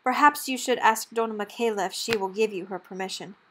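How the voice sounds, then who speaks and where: A woman reading as a gentle young orphan woman. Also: mid-range voice, brisk, slight background noise, close to an everyday voice. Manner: gentle, modest.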